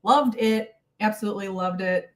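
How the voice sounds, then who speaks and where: Far from the mic, a woman from the United States speaks at medium pitch and moderate pace. As a YouTube host doing a casual Q&A stream from home, she's bubbly and talkative, slightly out of breath while welcoming viewers by name.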